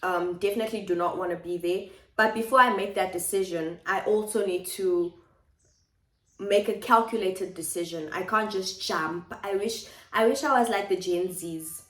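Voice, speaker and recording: A woman from South Africa talks to her viewers at a moderate pace in a mid-range voice, reflecting in a repetitive way during a personal vlog. She is at home in her kitchen, where the recording sounds echoey.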